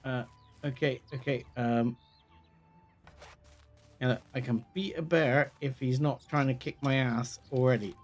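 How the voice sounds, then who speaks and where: A man giving let's play commentary, chatting calmly and then yelling in panic. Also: mid-range voice, unhurried, pauses often, soft background music. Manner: excitable, swings from calm chatter to yelling in panic. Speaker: gaming video creator.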